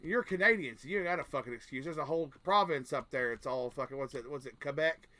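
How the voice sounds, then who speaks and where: A man's voice: a little high, fast, bright, forceful tone. A man streaming a game, chatting casually in a rambling, joking and crude way. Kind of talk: casual gaming chat.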